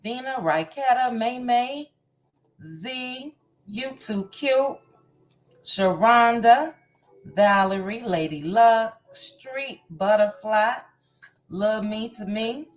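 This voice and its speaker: A woman hosting a live chat show runs through a long list of viewer names in a slow, unhurried, casual way. Faint music plays softly behind her voice. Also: fairly high pitch. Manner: reads viewer names in a warm, chatty run of hellos. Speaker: livestream host. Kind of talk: casual livestream greetings. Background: faint background music.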